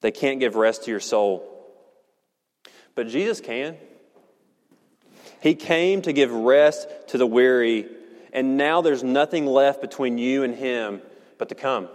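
A man preaching a sermon in a church, earnest and measured, slowing down to stress key words. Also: medium pitch, darkish tone. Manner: earnest, measured, slows for emphasis. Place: church sanctuary. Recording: long hall reverb.

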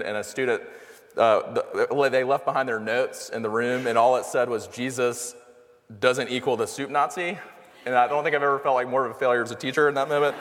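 A man's voice: medium pitch, fairly bright tone, a little hiss or hum. A man preaching a sermon in a conversational, earnest way, full of rhetorical questions. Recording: long reverb of a hall.

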